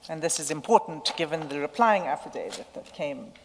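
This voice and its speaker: A woman addresses the chair as counsel, measured and precise, working through page and paragraph references. Her voice sits low for a woman. The sound carries a long echo from a large hearing room, over a faint background hum. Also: expressive. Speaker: legal counsel. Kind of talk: formal legal submission at a hearing.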